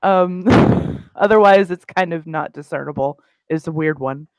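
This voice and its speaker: Unhurried, laughing tabletop player. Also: medium pitch, darkish tone, clear, resonant tone, no room sound, poor audio. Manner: laughs often, swears, unhurried. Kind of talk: tabletop role-play chat.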